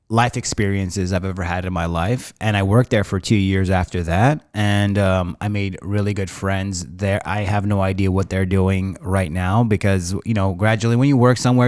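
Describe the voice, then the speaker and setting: A man in his thirties hosting a podcast, telling long rambling stories in loose slang and throwing in bro every few lines. His voice sits a little low. The sound is dry and close. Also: darkish tone, no echo. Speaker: podcast host. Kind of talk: casual storytelling chat.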